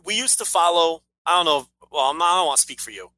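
A man's voice: on the high side, lively intonation, fast talker, pushed and bright, low-quality recording. A man co-hosting a casual podcast, ranting emphatically with frequent swearing and restarts. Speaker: podcast co-host.

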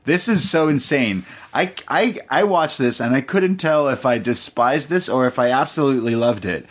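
A young podcast host casually recaps a wrestling show, laughing often and quoting voices as he retells it. His medium-pitched voice is animated and moves at a moderate pace.

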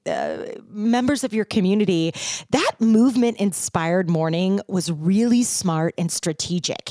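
A woman's voice: mid-range voice, darkish tone, no echo, clean studio sound. A woman telling her own story as a brand founder, with playful emphasis and upbeat slang. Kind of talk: personal storytelling monologue.

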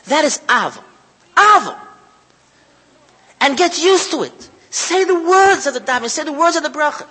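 A man's voice: very high-pitched, sing-song, moderate pace, pauses often, sharp tone. A man giving an emotional Torah talk, repeating phrases and sounding close to tears. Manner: heartfelt, repetitive, moved close to tears. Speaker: lecturer running a kollel. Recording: long hall reverb.

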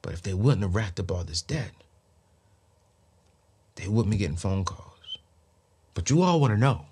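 A man's voice: lowish voice, lively intonation, normal speed, pauses often, a little mellow, breathy edge. A man hosting a personal finance show, speaking emphatically and repeating his key lines like a preacher. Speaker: host. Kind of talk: motivational personal finance talk.

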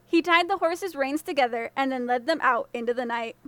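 A woman podcast storyteller reading a fairy tale in a measured, expressive way. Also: high voice, smooth, no room sound. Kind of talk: scripted fairy tale narration.

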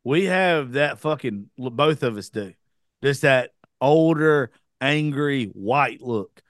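A man's voice: mid-range voice, lively intonation, takes it slowly, no echo, clean studio sound. A man hosting a podcast in casual chat, talking bluntly and profanely with rambling asides. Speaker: podcast host.

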